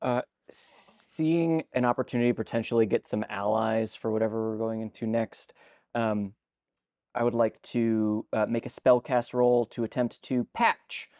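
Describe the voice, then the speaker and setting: A man's voice: mid-range voice, fairly even intonation, normal speed, darkish tone, dry recording, studio quality. A man playing a tabletop game, talking casually and hesitantly. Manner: hesitant, lots of ums. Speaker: player.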